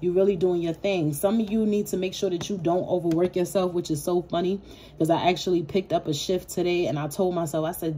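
A woman's voice: lowish voice, fairly even intonation, brisk, mellow, slightly rough. A woman giving a casual tarot reading, speaking straight to her viewers with street slang, swearing and loose, rambling asides. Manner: addresses viewers directly and affectionately. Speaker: tarot reader.

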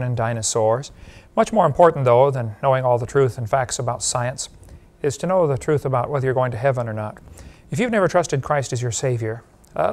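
A man preaching a sermon in a folksy, joking way, then giving a plain gospel appeal. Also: mid-range voice. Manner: folksy storytelling, laughs at his own jokes. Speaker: evangelist preacher. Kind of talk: sermon with jokes and altar call.

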